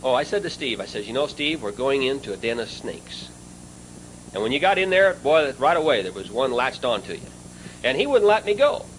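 A man preaching through a long personal anecdote, lively and conversational, turning to address a friend mid-story. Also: mid-range voice, fairly quick, slight background noise, rough recording. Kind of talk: storytelling sermon.

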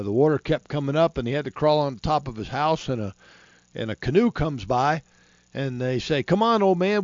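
A man's voice: on the high side, darkish tone, no room sound, muffled recording. A man hosting a Christian talk show on being prepared, talking in a folksy, rambling way with many restarts. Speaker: host.

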